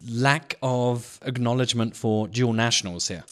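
A man's voice: mid-range voice, normal speed, a bit bright, slight background noise. A man hosting a podcast in a casual chat, wry and joking, with the odd swear word. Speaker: podcast host.

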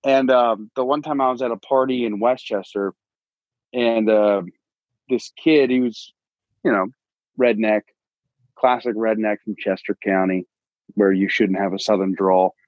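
A man's voice: fairly low pitch, fairly even intonation, measured pace, pauses often. A young man tells rambling stories in a loose podcast chat, laughing at himself and swearing casually. The sound is dull and muffled. It is also dry and close, with no room echo. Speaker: podcast guest, comedian.

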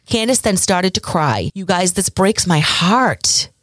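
Woman true crime host, low and dry, emotional storytelling. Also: animated, unhurried, no echo. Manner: emotional, indignant, reads case details aloud.

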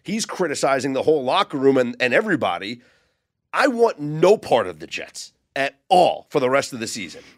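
A man's voice: medium pitch, very animated, fairly quick. A man on a sports betting podcast, casually recounting football news in detail.

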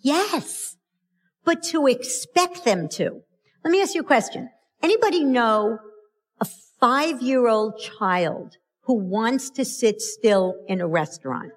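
Middle-aged woman, parenting speaker, slow and emphatic, acts out quotes in her stories. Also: a little high, lively intonation. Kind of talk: motivational talk to an audience.

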